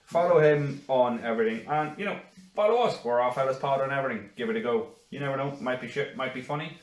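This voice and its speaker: A man's voice: medium pitch, quick pace. Jokey man on a roomy podcast. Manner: jokey, sweary, rambling. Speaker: podcast co-host. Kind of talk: casual chat. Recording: roomy, distant mic.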